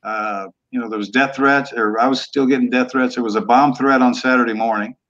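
An older man in his sixties talks in an easygoing, blunt way, dropping curse words as he tells his stories. His voice sits at an ordinary pitch for a man. The audio comes through dull and lo-fi. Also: fairly even intonation, brisk, fairly bright tone. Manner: laid-back, blunt, cusses freely. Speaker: guest, former football quarterback. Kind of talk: casual storytelling interview.

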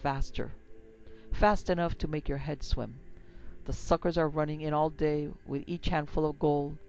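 Man playing a big genial saloon owner, hearty and pushy, gravelly tone, slightly muffled recording, faint music behind. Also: a little high, fairly even intonation, moderate pace, darkish tone, close to an everyday voice. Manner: hearty, coaxing frontier talk.

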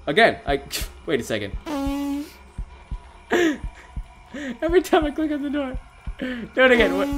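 A teenage boy in his late teens giving excitable, giggly commentary on a horror game, yelping and shouting when startled. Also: very high-pitched, unhurried, pauses often, music in the background. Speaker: gaming video host.

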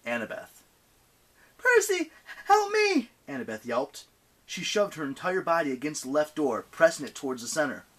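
A man narrating an audiobook with expressive reading. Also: medium pitch, brisk, breathy edge.

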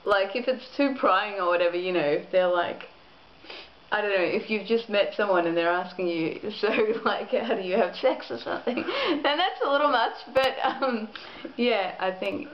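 A young woman chats casually into a home webcam, rambling with plenty of fillers and quick giggles. Her pitch sits in the middle, and the recording is a bit dull and lo-fi. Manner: chatty, lots of likes and ums, giggly. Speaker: vlogger. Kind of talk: casual chat.

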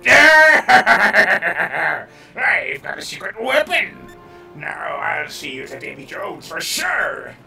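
A man voicing a blustering old pirate captain, growling his lines in gruff pirate talk. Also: fairly high pitch, very animated, a little slow, pushed and bright, roomy sound, recorded from a distance, faint music behind, pitched below the performer's own voice, heavily acted. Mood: gloating.

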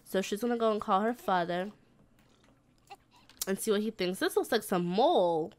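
A woman's voice: mid-range voice, lively intonation, moderate pace, a little mellow. Chatty woman narrating her gameplay. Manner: chatty, slangy, scolds and coos at her game characters like a mom. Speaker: gaming video creator. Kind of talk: casual gameplay commentary.

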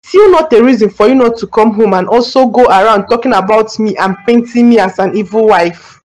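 A woman's voice: on the high side, brisk, darkish tone, lightly acted, poor audio. A woman voicing a wife who insistently confronts her husband in a cartoon drama. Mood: accusing. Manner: accusing, insistent. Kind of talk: cartoon dub acting.

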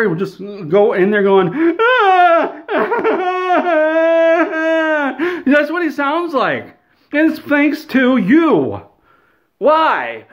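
A man's voice: sits high, a bit bright, highs cut off. A man delivering a satirical, mock-outraged rant in an exaggerated, whiny way. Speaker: comedy video creator.

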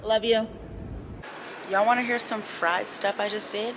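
A woman's voice: medium pitch, steady tone, moderate pace. A young woman vlogging to camera in an airport terminal, rambling and slangy in a casual chat. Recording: noisy public terminal. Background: airport announcements and bustle.

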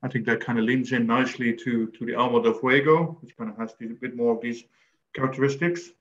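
A man's voice: medium pitch, fairly even intonation, fast talker. A man with a Dutch accent hosts a virtual tasting over a video call, talking hesitantly with many fillers. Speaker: host. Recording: dull lo-fi video call audio.

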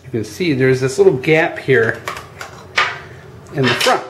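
Man, casual how-to host, chatty, informal, mid-pitched, echoey recording, faint background noise. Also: lively intonation, unhurried, a bit bright. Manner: chatty, addresses viewers as guys, many fillers. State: out of breath at times. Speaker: channel host. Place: outdoors at a workbench.

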